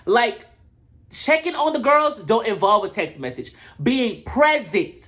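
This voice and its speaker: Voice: mid-range voice, big pitch swings, unhurried, fairly bright tone. Brash, profane reality-TV recapper. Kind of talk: casual comedic recap.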